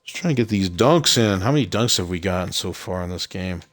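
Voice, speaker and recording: A man casually commenting on his own gameplay as a streamer, rambling and relaxed, with many ums and uhs. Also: deep voice, brisk.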